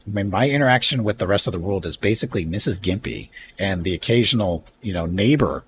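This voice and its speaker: A man's voice: sits low, animated, fast, slight background noise. A man chatting casually on his live stream, telling a rambling, conversational story.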